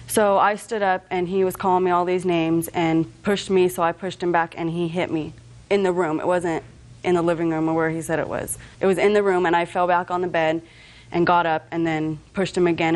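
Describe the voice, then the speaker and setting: A woman defendant testifying in a television courtroom, answering defensively and hesitantly. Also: fairly low pitch.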